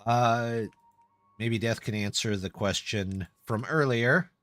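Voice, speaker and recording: A man's voice: mid-range voice, takes it slowly, fairly bright tone, no echo. A man live-streaming a game and chatting casually with viewers, answering their comments in a loose, self-deprecating way. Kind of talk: casual live-stream chat while gaming.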